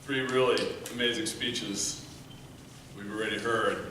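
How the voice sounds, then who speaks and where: Bright-voiced man speaking in an echoey room. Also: fairly low pitch, fairly even intonation, measured pace. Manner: earnest, shifts between loud emphasis and quiet hushed passages. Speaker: speech contest speaker. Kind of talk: prepared storytelling speech. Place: meeting room before an audience. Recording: echoey room, mic from far off, faint noise.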